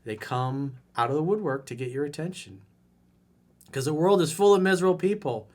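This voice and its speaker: Male dating coach, fairly high voice, animated and blunt, reading out viewer mail. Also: fairly quick. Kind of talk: reading and answering a viewer letter.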